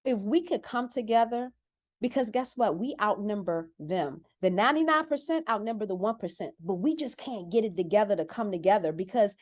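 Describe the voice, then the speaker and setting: A woman guest on a talk show, speaking with passion and swinging between loud outbursts and quiet remarks. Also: mid-range voice, lively intonation, fairly quick. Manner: impassioned, preachy, swings loud and soft. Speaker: guest co-host. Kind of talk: casual talk-show chat.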